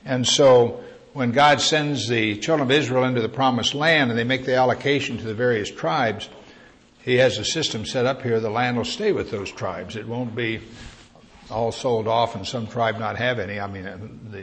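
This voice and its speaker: A man preaching a sermon in a conversational teaching style, asking his listeners questions and lifting his voice on key words. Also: medium pitch. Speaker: pastor.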